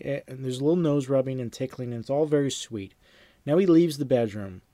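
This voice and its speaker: A man teaching a class, reading film anecdotes aloud in a lively storytelling manner and acting out little sound effects. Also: medium pitch, no room sound. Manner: animated storyteller, acts out sound effects, repeats himself. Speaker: screenwriting teacher.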